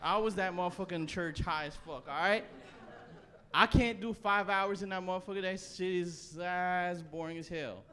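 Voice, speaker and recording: A young Canadian man performing a stand-up set, telling a loose, profane story with animated bursts. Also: sits high, normal speed. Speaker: stand-up comedian. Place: comedy stage before a live audience.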